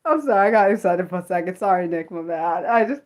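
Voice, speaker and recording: A young American woman hosting a casual livestream, excitable and apologetic, talking back to her chat with many restarts. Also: lowish voice, fast talker. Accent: American, Maryland. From United States. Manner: excitable, apologetic, lots of restarts and self-corrections. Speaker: livestream host.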